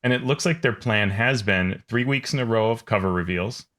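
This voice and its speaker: A man with a lowish voice chats on a gaming podcast. He thinks out loud, trailing through fillers with a dry, wry edge. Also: moderate pace. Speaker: podcast co-host. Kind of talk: casual podcast chat.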